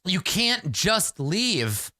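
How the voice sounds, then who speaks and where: Man doing a desperate young warrior, high and pleading. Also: very animated, extremely slow, bright, forceful tone, no room sound, clean studio sound, exaggerated voice. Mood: urgent. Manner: pleading, stammering urgency.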